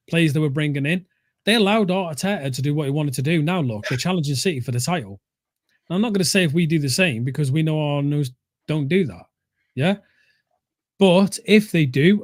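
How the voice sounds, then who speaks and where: A blunt, opinionated man chatting about football on a fan show. His voice sits a little high, and the sound is close and dry with no room echo. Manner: blunt, opinionated, says mate a lot. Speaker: co-host of a fan talk show. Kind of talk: casual football chat.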